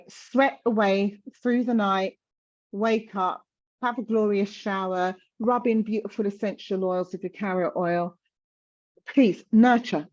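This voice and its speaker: A woman's voice: mid-range voice, highs cut off. Passionate, emphatic woman in her fifties. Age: 50s. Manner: passionate, emphatic, repeats words for stress. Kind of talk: candid conversational talk.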